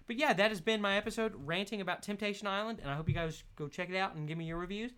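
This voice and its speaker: A man's voice: sits high, fast, clean tone. A man hosting a casual solo podcast, rambling and giggling as he talks. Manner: giggly, animated, rambling with fillers and laughs. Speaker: podcast host.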